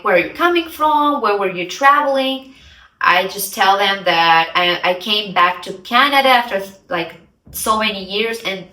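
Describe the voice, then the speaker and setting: A woman's voice: medium pitch, bright, forceful tone. A woman from Russia telling a personal story casually. She acts out the dialogue and says "like" a lot. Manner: chatty, acts out the dialogue, many "like" fillers. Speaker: vlogger. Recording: roomy, somewhat distant mic.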